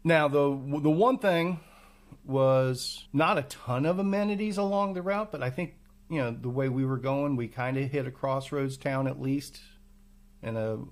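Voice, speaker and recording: A man hosting a podcast over a remote call, asking questions in a casual, halting way with restarts. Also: medium pitch. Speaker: podcast host. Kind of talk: casual chat.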